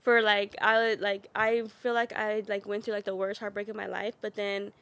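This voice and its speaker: A woman's voice: medium pitch, flat delivery, moderate pace, fairly bright tone, dry recording. A young woman guest on a podcast, candidly telling personal stories in casual chat and filling her talk with "like". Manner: candid storytelling, heavy filler "like".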